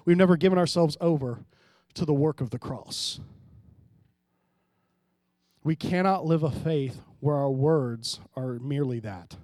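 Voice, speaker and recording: A man pastor preaching a sermon, swinging between hushed, low passages and loud, emphatic rises, often calling out to the congregation. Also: unhurried, no echo, studio quality. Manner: preaching with sudden drops to quiet and loud rises, calls to the congregation.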